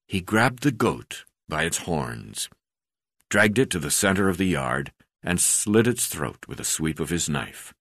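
A man reading his own memoir aloud in a steady pace, with frequent hesitation fillers. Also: sits low, dry recording, clean studio sound. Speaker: memoir narrator.

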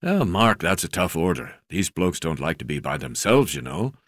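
Croaking, blustery old magistrate, fond of drink and swearing, done by a male reader. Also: sits low, very animated, moderate pace, no echo, studio quality. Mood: gruff. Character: gruff boozy older male colonial magistrate.

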